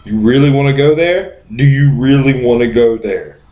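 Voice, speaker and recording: A man's voice: mid-range voice, normal speed, mellow, lightly acted. A bullying, power-drunk cop, barking repeated questions and threats, slightly raised above an ordinary male voice, as a man puts him on. Echo from the room hangs on every line. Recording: roomy echo.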